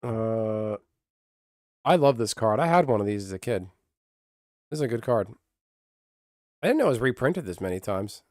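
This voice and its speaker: A man's voice: fairly low pitch, lively intonation, moderate pace, long pauses, a little mellow, dry recording, studio quality. A man streaming, ranting casually and bluntly with profanity, restarting his sentences often. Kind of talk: casual livestream rant.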